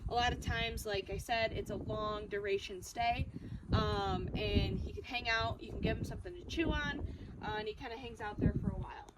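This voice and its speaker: A woman dog trainer explaining commands outdoors in a chatty way, with bursts of excited praise for the dog. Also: medium pitch, normal speed. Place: outdoors near a parking area. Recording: loud background noise, distant from mic. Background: dogs and passing cars.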